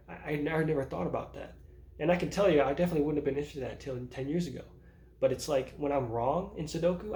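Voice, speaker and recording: A man's voice: on the high side, a little mellow. A man in his thirties talking casually about his own life in a vlog, rambling with many restarts and laughing at himself. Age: 30s. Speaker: vlogger. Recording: roomy echo.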